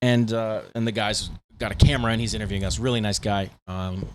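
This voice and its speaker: A man with a lowish voice and fairly even intonation co-hosts a podcast, where he also plays guitar in a band. He tells stories in a casual, rambling way, talking fast and packing in lots of fillers.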